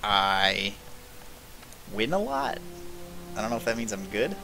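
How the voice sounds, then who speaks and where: A man's voice: lowish voice, wildly swooping pitch, a little slow, vocal fry, sharp tone, soft background music. A man in his twenties streaming a video game, chatting casually in a rambling, laid-back way with lots of fillers and the odd swear. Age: 20s. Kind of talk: casual chat while streaming.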